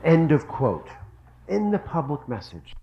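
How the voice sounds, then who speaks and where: A man's voice: a little high, very animated, unhurried, highs cut off, a little hiss or hum. Earnest man giving a devotional talk. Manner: earnest, storytelling, repeats for emphasis. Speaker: religious speaker.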